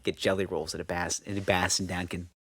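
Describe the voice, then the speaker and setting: A man co-hosting a podcast, bantering casually with quick quips. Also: deep voice, flat delivery, noisy background. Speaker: podcast co-host. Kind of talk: casual chat.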